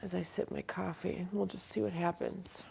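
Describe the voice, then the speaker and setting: A woman hosting a casual livestream from her apartment, rambling between soft murmurs and excited greetings to viewers. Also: lowish voice, normal speed, vocal fry, slight background noise. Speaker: livestream host. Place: apartment at home. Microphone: phone or webcam.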